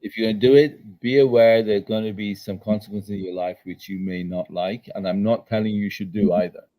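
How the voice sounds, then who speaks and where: A man's voice: lowish voice, steady tone, brisk, warm tone, poor audio. An older man as an interview guest at his daughter's house, telling stories emphatically and checking in with "okay?" and "all right?". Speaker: guest entrepreneur. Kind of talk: storytelling interview answer.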